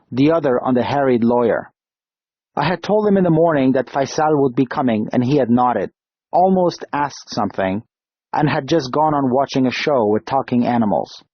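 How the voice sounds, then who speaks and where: A man reading an audiobook in a calm, measured narration. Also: medium pitch, slightly rough, no room sound. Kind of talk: scripted narration. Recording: dull, dry lo-fi studio read.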